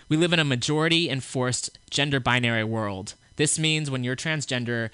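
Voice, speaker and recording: A man hosting a small radio show, reading news and a statement aloud with blunt, opinionated asides and halting restarts. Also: mid-range voice, bright, forceful tone, clear, resonant tone, no room sound.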